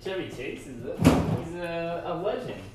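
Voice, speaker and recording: A man playing along in a casual trivia drinking game, laid-back, teasing and quick to laugh. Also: fairly high pitch, animated. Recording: roomy room with faint noise.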